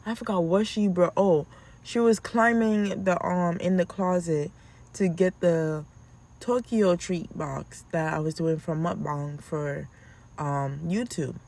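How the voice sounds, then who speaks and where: A woman telling casual, animated stories as a podcast host, acting out how she scolds her kids. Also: on the low side, takes it slowly. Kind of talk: casual storytelling.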